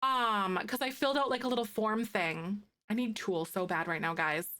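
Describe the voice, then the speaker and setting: A woman chatting casually on a live stream, excitable and talkative, a self-described loudmouth. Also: mid-range voice, normal speed.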